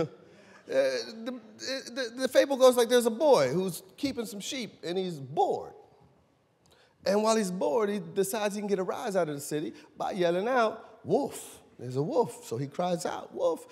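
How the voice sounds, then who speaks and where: A man pastor preaching a sermon in a church, animated and conversational, questioning his congregation. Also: sits high, moderate pace. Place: church sanctuary. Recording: long church hall reverb.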